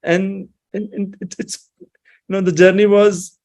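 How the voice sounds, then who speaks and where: A man in his thirties from Himachal with an Indian English accent, sharing a personal devotional story in a reflective, emotional and halting way. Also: high voice, a little mellow. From Himachal Pradesh, India. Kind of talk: personal testimony, mixing English and Hindi.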